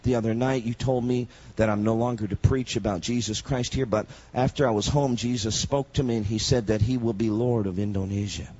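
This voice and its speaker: A man preaching a sermon, moving between quiet storytelling and loud shouted proclamation. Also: mid-range voice, fairly even intonation, fairly quick, few pauses, muffled recording.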